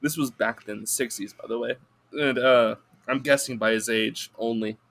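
A man's voice: medium pitch, steady tone, normal speed, gravelly, fairly bright tone. A man guesting on a podcast, telling a rambling, profane story in casual chat and laughing through it.

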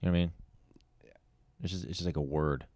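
A man's voice: deep voice, fairly even intonation, fast talker, a little mellow, dry recording. A young man co-hosting a crude, casual podcast chat, blunt and joking. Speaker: podcast co-host. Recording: faint background noise.

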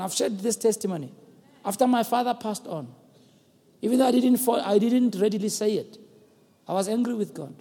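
A South African man preaching a sermon as pastor, earnest and building to emphatic shouts. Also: high voice. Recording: long hall reverb.

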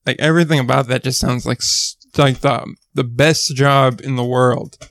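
A man's voice: medium pitch, steady tone, moderate pace, vocal fry, a bit bright, no room sound, clean studio sound. A man hosting a casual chat, reacting to his guest with short, supportive remarks. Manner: supportive, short listening responses.

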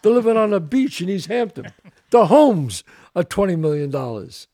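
A man's voice: high-pitched, moderate pace. An older man hosting a podcast, talking emphatically in casual chat. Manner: animated, emphatic, gravelly street-guy talk. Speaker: podcast host.

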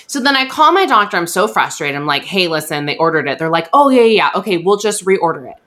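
A young woman hosting a podcast, telling a story in a chatty, animated way and acting out what others said. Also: fairly low pitch, fast talker. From USA. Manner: chatty, animated, acts out quoted voices. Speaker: podcast host. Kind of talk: casual storytelling chat.

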